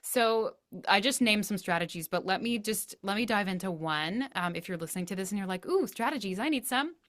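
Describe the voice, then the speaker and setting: A woman who is a parenting educator and a guest, chatting casually, telling lively stories with frequent laughs. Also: medium pitch, brisk. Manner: animated storytelling, laughs often, acts out voices. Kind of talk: casual interview chat.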